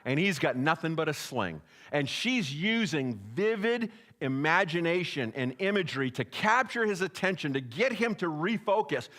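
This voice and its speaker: A bright, forceful man's voice, pitched a little high, preaching from the pulpit. He is a middle-aged pastor who jumps into little acted-out voices while telling stories in church. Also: sing-song, normal speed. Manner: storytelling preacher who acts out voices of people in anecdotes. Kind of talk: sermon.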